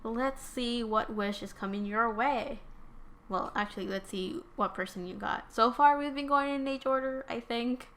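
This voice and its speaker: A woman's voice: on the high side, moderate pace, fairly bright tone. A woman whose first language is Spanish, giving a casual tarot reading. She rambles, corrects herself and uses many fillers. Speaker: tarot reader.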